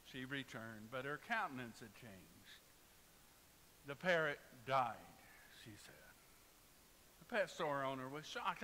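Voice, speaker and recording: A man's voice: mid-range voice, animated, slow, pauses often, pushed and bright. A man preaching a sermon as pastor, telling humorous stories and joking with his congregation. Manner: storytelling with jokes and asides to the congregation. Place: church sanctuary. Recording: reverberant church hall with faint hiss.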